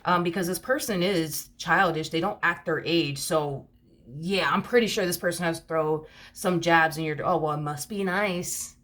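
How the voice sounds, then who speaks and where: A woman's voice: on the low side, normal speed, fairly bright tone. A woman giving a casual tarot reading, chatty and rambling, full of fillers. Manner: chatty, rambling, many fillers and "you know". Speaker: tarot reader.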